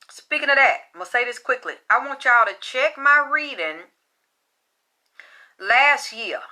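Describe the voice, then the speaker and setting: A woman spiritual reader with a bright, sharp-edged voice sitting a little high tells her stories bluntly and animatedly. She swears freely and talks in a loose, casual way. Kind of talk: casual profane storytelling.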